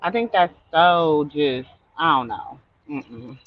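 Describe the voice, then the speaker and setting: An older grandmother co-hosting a casual chat, talking in a laid-back way and trailing off softly. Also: low-pitched, slow, highs cut off, a loud crowd. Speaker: co-host.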